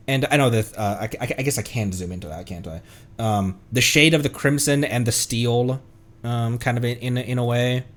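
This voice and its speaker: Animated rambling male streamer. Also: medium pitch. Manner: rambling and hesitant, many restarts, bursts of excitement. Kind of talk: casual livestream reaction commentary.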